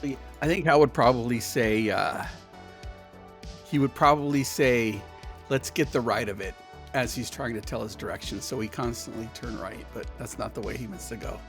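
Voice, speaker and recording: A man playing a tabletop game, describing his character in a hesitant, halting way. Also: mid-range voice, steady tone, vocal fry, soft background music. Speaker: player. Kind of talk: casual tabletop play.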